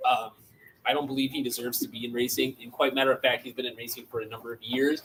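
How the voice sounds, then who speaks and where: A man's voice: medium pitch, level tone, fast, fairly bright tone. A man hosting, giving a joking debate rebuttal with exaggerated indignation, recorded on a distant mic. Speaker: host. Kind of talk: mock-serious debate speech. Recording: distant mic with faint background noise.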